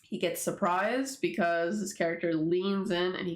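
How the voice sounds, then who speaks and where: A woman speaks in a low, steady tone at a moderate pace as she reads her own webtoon aloud. Her commentary wanders casually, with plenty of laughing and free swearing, and the room has a noticeable echo.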